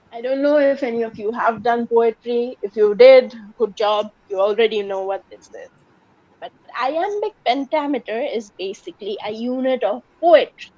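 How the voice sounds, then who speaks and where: A woman's voice: fairly high pitch, a little mellow. A woman with a Bangladeshi English accent giving a university English lecture, explaining steadily with occasional filler ums. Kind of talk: recorded classroom lecture. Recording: dull lo-fi lecture recording.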